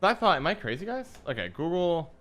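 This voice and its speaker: A man's voice: fairly high pitch, big pitch swings, a little fast, a bit bright, soft background music. A man livestreaming a card game, chatting casually with his viewers in a musing, self-deprecating way. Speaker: streamer. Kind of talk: casual livestream chat while gaming.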